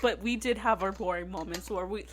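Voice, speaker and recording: A woman's voice: mid-range voice, a little fast. A woman hosting a casual chat podcast, telling a rambling story with many fillers and frequent laughter, sounding tired. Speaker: podcast host.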